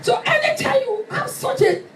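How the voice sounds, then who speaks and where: A woman preacher delivering a fervent sermon, shouting and acting out stories. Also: extremely high pitch, lively intonation, moderate pace, crowd noise. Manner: fervent, shouting, dramatic retelling. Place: church hall. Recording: echoey hall from far off with music.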